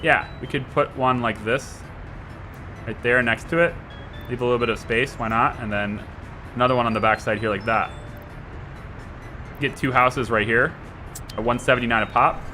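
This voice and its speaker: A man's voice: mid-range voice, steady tone, normal speed, long pauses, bright, forceful tone, faint music behind. A man with a Scottish accent giving live gameplay commentary, musing aloud and chatting to viewers and to the little workers in his game. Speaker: streamer.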